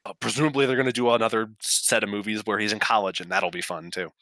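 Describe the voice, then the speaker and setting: A man's voice: fairly low pitch, steady tone, quick pace, pushed and bright, dry recording. A man chatting about movies on a podcast, enthusiastic and laughing often. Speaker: podcast co-host. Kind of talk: casual movie chat.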